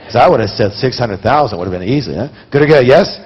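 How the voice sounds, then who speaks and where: A man telling stories to a live seminar audience in an animated way, talking straight to the listeners. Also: medium pitch, fast, slightly rough. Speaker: seminar speaker. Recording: dull lo-fi recording.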